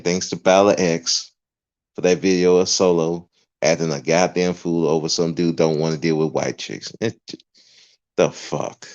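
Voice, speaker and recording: A man's voice: sits low, darkish tone. A podcast host, a man, delivering an emphatic, profane livestream rant. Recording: dull lo-fi recording.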